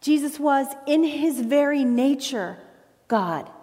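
A woman pastor preaching a sermon in an earnest way, with emphatic pauses. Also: sits high, animated, dark tone. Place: church sanctuary. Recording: reverberant church hall.

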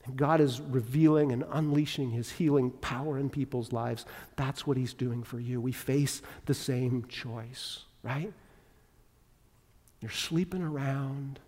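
A man preaching a sermon as a pastor, moving from loud emphatic passages to quiet, intimate appeals and prayer. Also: medium pitch, breathy edge. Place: church sanctuary. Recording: long reverb of a large hall.

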